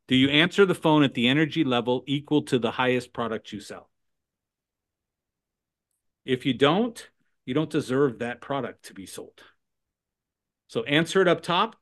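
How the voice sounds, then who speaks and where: A man talking as a sales trainer guest in a podcast conversation, animated and punctuating points with "right?" and "okay?". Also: a little high, a little slow, pauses often. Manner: animated, acts out phone calls in put-on voices.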